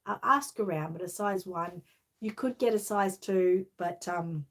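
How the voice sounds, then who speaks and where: An Australian woman with a fairly low voice hosts a livestream at a measured pace. Drowsy and rambling, she chats casually with heavy use of fillers before reading a children's storybook aloud.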